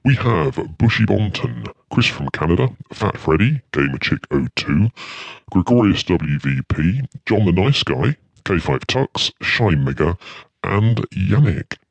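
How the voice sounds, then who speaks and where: A man's voice: deep voice, sing-song, unhurried, vocal fry, no room sound, dull audio. A man hosting an internet radio show, chatting casually between tracks in a dry, rambling, self-mocking way. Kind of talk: casual radio chat and music links.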